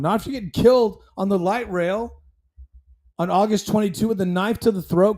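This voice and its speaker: Here the host's voice is high-pitched and a little mellow, at a moderate pace. On his casual commentary stream he gets heated and blunt, wandering through his points with fillers and restarts.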